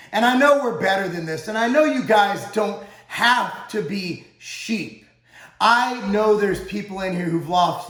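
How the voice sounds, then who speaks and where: Guy ranting hard at the camera, swears a lot, kinda high voice, echoey room. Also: a bit bright. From United States. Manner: emphatic, profane, heated. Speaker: supplement company owner and channel host. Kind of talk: direct-to-camera rant.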